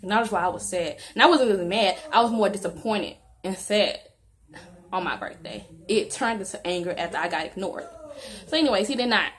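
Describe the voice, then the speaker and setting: A woman's voice: medium pitch, animated, brisk, fairly bright tone. A young woman, telling an emotional storytime vlog in a rambling, heated way with asides and restarts. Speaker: vlogger.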